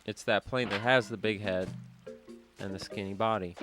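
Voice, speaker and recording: Brief: low-voiced male host, offhand, rambling storyteller, game music underneath. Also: steady tone, moderate pace. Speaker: gaming channel host. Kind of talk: rambling storytelling over gameplay. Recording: music playing behind.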